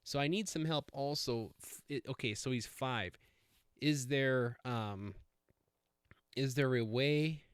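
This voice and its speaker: A man's voice: medium pitch, slow pace, clear, resonant tone, no room sound, studio quality. A man hosting a casual solo podcast, rambling with many fillers and self-corrections. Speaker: podcast host.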